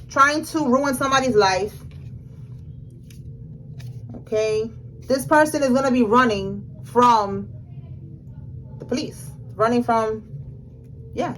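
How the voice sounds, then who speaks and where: A fairly high-voiced woman reads tarot cards for her viewers, emphatic and excited as she talks straight to them. Her speech is casual and slangy. A faint hiss of noise sits behind her voice. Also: normal speed, pauses often, rough recording. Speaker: tarot reader. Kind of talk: general tarot reading.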